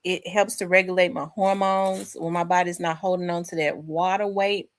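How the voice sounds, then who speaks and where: A woman's voice: fairly low pitch, little pitch movement, moderate pace. A woman hosting a casual live chat from home, rambling and talking to her viewers. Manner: chatty, rambling, addresses viewers as y'all. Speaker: host.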